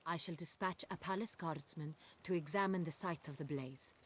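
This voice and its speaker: An actress playing a gracious, regal duchess in a video game, speaking in a stately, measured way. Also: female voice, low voice.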